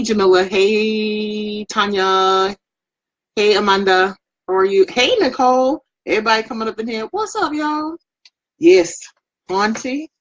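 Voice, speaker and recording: A talkative woman hosts a casual makeup live stream, rambling from one topic to the next and calling out viewers by name. Her voice has a husky grain. The sound is close and dry, with no room around it. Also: mid-range voice, no echo, rough recording. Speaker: makeup vlogger and beauty product presenter.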